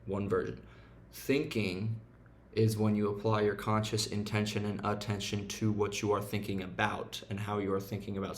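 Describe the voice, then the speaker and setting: A man's voice: fairly low pitch, a bit bright. Profane, blunt young man ranting. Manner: profane, blunt and self-mocking, slips into mumbling asides. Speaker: self-help vlogger. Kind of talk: casual motivational rant.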